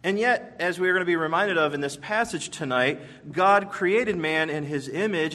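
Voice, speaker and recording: A man as pastor, delivering a sermon in an emphatic storytelling manner with measured pauses. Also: on the high side, a bit bright.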